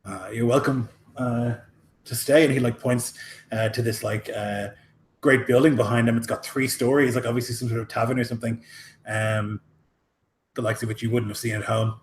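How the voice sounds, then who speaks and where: A man's voice: mid-range voice, little pitch movement, fairly quick. A man narrating as game master in a tabletop game, casual and full of fillers. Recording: echoey room with faint noise.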